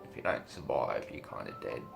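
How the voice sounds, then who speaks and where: An Australian man giving a crude, rambling comic monologue to camera, swearing freely with deadpan humor. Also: very deep voice, a little fast, vocal fry, music in the background. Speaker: vlogger.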